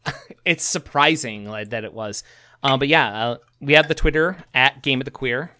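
A man co-hosting a podcast in casual chat, rambling and halting, often laughing. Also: mid-range voice, sharp tone, slight background noise. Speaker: podcast co-host.

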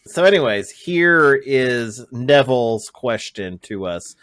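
Slow-talking, giggly podcast host man. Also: mid-range voice, lively intonation, fairly bright tone, slight background noise. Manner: giggly, halting, laughs often. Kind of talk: casual chat.

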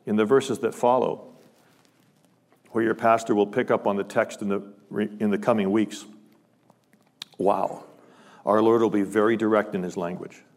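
A man preaching a sermon in a large church, speaking with passion, his voice rising loud on scripture quotes and falling to hushed asides. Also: lowish voice, steady tone, normal speed, long pauses. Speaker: guest preacher. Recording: long church reverb.

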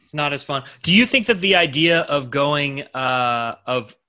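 A man's voice: a little high, expressive, unhurried, bright, forceful tone. A man hosting a sports podcast in casual chat, rambling and jokey with plenty of enthusiasm. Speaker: podcast host.

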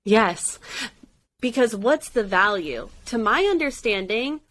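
A woman's voice: fairly high pitch, lively intonation, takes it slowly, a bit bright. A woman co-hosting a casual chat about a dating show, talking emphatically and firing off rhetorical questions. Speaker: podcast co-host.

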